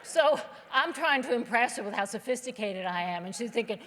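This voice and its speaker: A woman's voice: fairly high pitch, fairly quick, few pauses, fairly bright tone, slight background noise. Folksy storyteller woman in a reverberant hall. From southern West Virginia. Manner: humorous, conversational, folksy. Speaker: keynote speaker. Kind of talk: storytelling speech. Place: theater stage.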